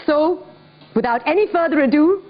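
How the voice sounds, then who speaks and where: A woman hosting a spelling competition, speaking in a clear, measured and encouraging way. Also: high-pitched, animated. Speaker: quiz host. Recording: dull lo-fi broadcast audio with faint music.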